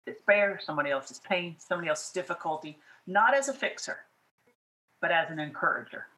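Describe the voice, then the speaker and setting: A woman from the American South co-hosting a faith podcast, chatting in an animated, encouraging way and laughing easily. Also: fairly low pitch, fairly quick, roomy sound, low-quality recording. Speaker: podcast co-host. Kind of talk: casual faith chat.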